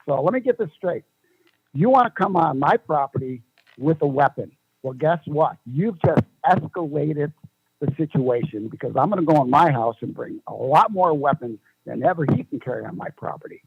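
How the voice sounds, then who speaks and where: A man's voice: on the high side, expressive, fairly quick, creaky, a little mellow, breathy edge, dry recording, muffled recording. Emphatic man arguing at a public meeting. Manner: emphatic, argumentative, rhetorical questions. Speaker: resident giving public comment. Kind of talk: public comment at a county meeting.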